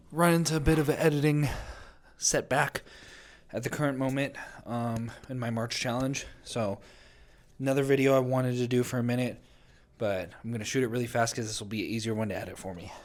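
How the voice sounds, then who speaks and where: A man teaching a drum lesson in a casual, hurried way, out of breath and counting beats aloud. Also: mid-range voice, steady tone. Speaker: drummer giving tips.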